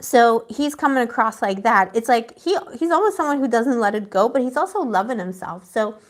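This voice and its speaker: A woman with a somewhat high voice gives a live tarot reading to her viewers. She talks in a chatty, slangy, emotional way. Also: expressive, fairly quick. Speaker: tarot reader.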